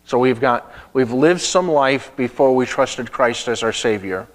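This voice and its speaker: A male pastor preaching a sermon, telling a story with rhetorical questions and sudden shifts between loud and hushed. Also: medium pitch, a little slow, low-quality recording.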